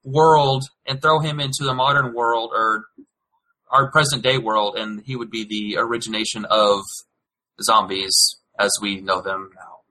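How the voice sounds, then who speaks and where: Man, casual chat, hesitant, very bright, husky. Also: on the low side, fairly even intonation, unhurried, low-quality recording. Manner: hesitant, thinking aloud.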